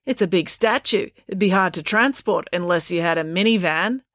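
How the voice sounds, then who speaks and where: A woman's voice: on the low side, normal speed, a bit bright, no room sound, clean studio sound, close to an everyday voice. A woman voicing a pompous, argumentative young boy in a storybook reading, precise and protesting.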